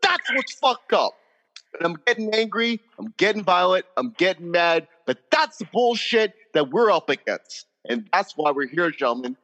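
A man's voice: high-pitched, expressive, moderate pace, hardly any pauses, bright, forceful tone. Impassioned man, echoey call audio. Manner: impassioned and emphatic, repeats himself. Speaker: podcast host. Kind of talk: casual chat. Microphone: video call.

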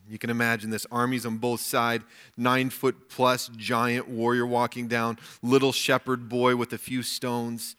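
A man's voice: medium pitch, steady tone, normal speed, fairly bright tone. A male pastor giving a weekend sermon, reading scripture aloud and commenting on it.

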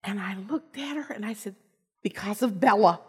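An older woman giving a personal storytelling sermon, earnest, with pauses and restarts. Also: medium pitch, husky. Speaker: lay preacher and teacher. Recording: long reverb of a large hall.

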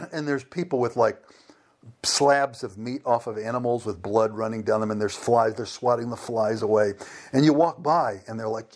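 A middle-aged man, a former missionary, telling stories in an interview in a lively way and acting out the people he quotes. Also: mid-range voice, normal speed. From United States. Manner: animated, acts out quoted voices. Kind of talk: conversational interview storytelling.

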